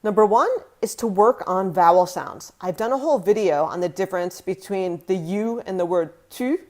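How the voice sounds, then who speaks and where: American woman host, clear and emphatic, explains French sounds to camera. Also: medium pitch, normal speed, darkish tone. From United States. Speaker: language vlogger. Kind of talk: scripted teaching vlog.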